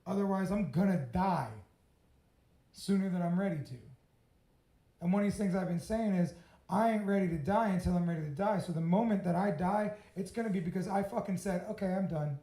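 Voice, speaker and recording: Blunt swearing man with gravelly voice. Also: high-pitched, a little fast, dark tone, reverberant, low-quality recording. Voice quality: swears freely, blunt and candid. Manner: self-mocking, laughs at himself. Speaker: storytelling speaker. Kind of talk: personal story told to a live audience.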